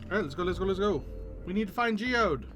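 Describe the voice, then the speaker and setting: Bright-voiced male game streamer. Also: sits high, animated, quick pace, soft background music. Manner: chatty, swears and laughs while reading quest text aloud. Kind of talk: casual game commentary.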